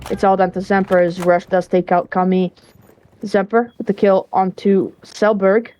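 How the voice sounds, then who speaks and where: A woman's voice: medium pitch, level tone, moderate pace, darkish tone, slight background noise, poor audio. Chatty woman casting live esports. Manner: chatty, casual play-by-play with frequent fillers. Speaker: esports caster. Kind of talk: live esports play-by-play commentary.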